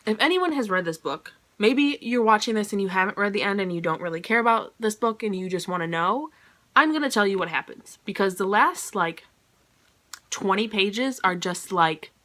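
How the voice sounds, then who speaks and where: A woman talking through a book review in a casual, gushing way. Her voice is bright and forward, and she scatters her talk with "like" and "you know". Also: medium pitch, lively intonation, fairly quick.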